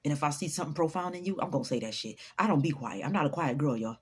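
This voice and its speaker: Speaking rapid-fire in a low-pitched, slightly rough, animated voice, this motivational vlogger preaches emphatically. She curses freely, hammers her points home by repeating them, and laughs a lot.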